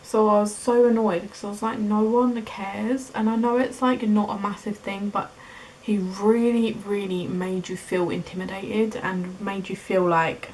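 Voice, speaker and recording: A woman's voice: mid-range voice, normal speed, slight background noise, low-quality recording. Chatty young British woman vlogging. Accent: British English. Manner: chatty, animated retelling with quoted dialogue. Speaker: beauty vlogger. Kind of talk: casual storytime vlog.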